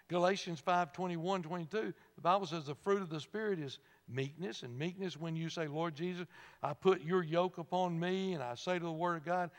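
A man preaches a sermon in a church, his voice a touch higher than most men's. He speaks conversationally and keeps asking the congregation questions. His words ring out with a long hall reverb. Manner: conversational, asks the congregation questions, laughs at his own stories.

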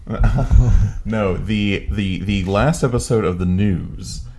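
A man co-hosting a podcast in casual chat, throwing in dry deadpan jokes. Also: lowish voice, slow pace. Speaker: podcast co-host.

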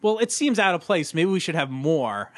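A man's voice: fairly high pitch, very animated, normal speed, no room sound, studio quality. A man co-hosting a podcast in casual chat, recapping an episode and acting out quotes in put-on voices, laughing often.

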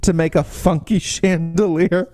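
A podcast co-host recapping a romance novel in casual chat, mocking the plot with animated commentary. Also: mid-range voice, measured pace, no room sound, soft background music.

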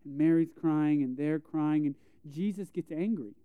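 A male pastor preaching a sermon, retelling a Bible story conversationally and dropping to a hush for emphasis. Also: on the high side, moderate pace, clear, resonant tone, dry recording, narrow, tinny audio.

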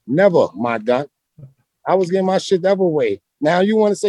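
High-voiced New man telling stories. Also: a little fast, dry recording. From Brooklyn, New York. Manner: animated, slangy, rambling street talk. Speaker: interview guest, former street basketball player. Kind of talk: casual storytelling interview.

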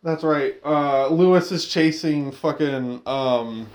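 A man casually retelling a film's plot with lots of swearing and quick acted-out quotes. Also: a little high, darkish tone. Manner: profane, laid-back retelling with acted-out quotes. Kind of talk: casual movie recap chat.

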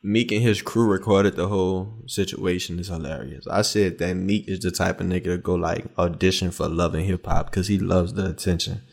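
A man's voice: low voice, steady tone, a little fast, creaky, few pauses, darkish tone. A man co-hosting a podcast in casual chat, laid-back and joking, repeating phrases for laughs. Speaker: podcast co-host.

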